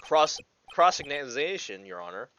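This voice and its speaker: Someone voicing a jumpy rookie lawyer, stammery and panicky, pitch all over, game fan dub. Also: sing-song, normal speed, a bit bright, a little hiss or hum. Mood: flustered. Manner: flustered, stammering. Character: nervous young male rookie defense lawyer.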